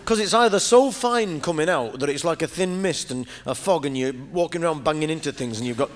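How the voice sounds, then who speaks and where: A fairly high, animated male voice, moving a little fast, belongs to a Northern English comedian doing live stand-up. In front of the audience he rambles and chats, storytelling with frequent asides.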